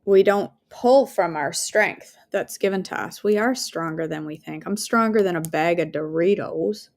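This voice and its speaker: A woman's voice: fairly low pitch, normal speed, vocal fry. A woman hosting a daily devotional, talking earnestly and casually and leading a prayer from home. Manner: warm, earnest, conversational, with fillers and asides.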